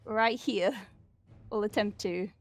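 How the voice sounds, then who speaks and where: A woman's voice: mid-range voice, takes it slowly, no echo. A woman playing a tabletop game over a call, chatty as she explains the rules of her turn. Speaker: player. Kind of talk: casual tabletop play.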